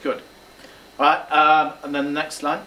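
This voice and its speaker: A man's voice: on the high side, monotone, measured pace, pushed and bright. A male drama teacher coaching a student through a speech, encouraging him and demonstrating lines aloud. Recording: roomy, distant mic, faint background noise.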